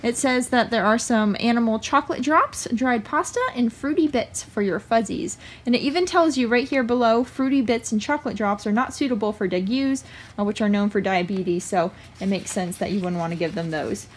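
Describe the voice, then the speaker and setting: Breathy-voiced woman reviewing pet products. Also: fairly high pitch, fairly quick. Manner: chatty, with frequent "uh" fillers. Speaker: pet channel host. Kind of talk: casual product review vlog.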